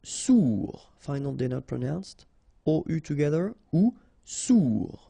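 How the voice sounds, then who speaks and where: Slow, gravelly French-accented male teacher. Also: fairly high pitch, very animated, mellow, no echo, studio quality. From France. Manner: slow, patient, repeats and spells out each word. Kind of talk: pronunciation drill.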